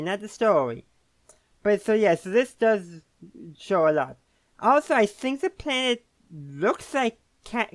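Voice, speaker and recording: Rambling man talking games, smooth dry voice. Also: high-pitched, dry recording. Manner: rambling, self-correcting, casual. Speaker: host. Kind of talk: casual video game commentary.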